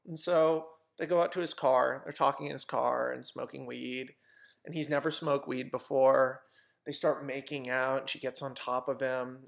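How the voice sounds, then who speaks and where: A young man pitching a film idea in casual storytelling, animated and full of fillers, swearing freely. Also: gravelly.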